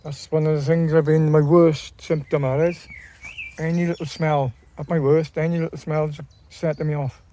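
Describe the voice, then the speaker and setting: Male vlogger, chatty and meandering, slightly high, warm tone, faint outdoor birds. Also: level tone, moderate pace, a little hiss or hum. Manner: rambling, repeats and restarts phrases. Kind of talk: casual talk to camera.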